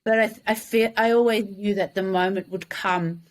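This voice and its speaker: A woman, a psychic medium, calmly and earnestly explaining her work in conversation. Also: mid-range voice, moderate pace, slight background noise.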